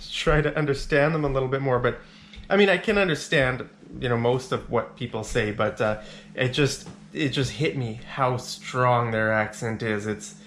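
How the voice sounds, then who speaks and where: A man's voice: medium pitch, a bit bright, slight background noise. A man vlogging to camera indoors in a rented apartment. He talks in a rambling, chatty way with frequent restarts. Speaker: travel vlogger. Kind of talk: casual chat to camera.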